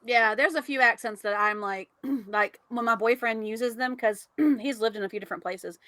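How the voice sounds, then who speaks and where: A podcast host with a slightly high, sharp voice chats casually at a moderate pace, giggling often and reading chat comments aloud. It's recorded on a dry, close mic with no echo.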